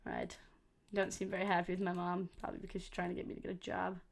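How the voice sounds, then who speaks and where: Gravelly-voiced woman reading a game aloud. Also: lowish voice, monotone, fast talker. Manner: casual, sweary asides between read lines. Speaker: let's play host. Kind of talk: reading a visual novel aloud with commentary.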